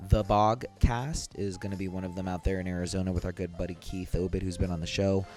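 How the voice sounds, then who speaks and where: Man, podcast host, low-ish voice, loose rambling chat, faint music behind. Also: level tone, fast talker, darkish tone. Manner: loose, rambling, pleading asides. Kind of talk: casual podcast clip-show hosting.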